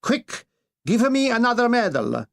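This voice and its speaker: A man's voice: very high-pitched, sing-song, measured pace, gravelly, voice pushed up, heavily acted. A man voicing a pompous, cowardly Italian dictator in comic broken English with an Italian accent. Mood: blustering.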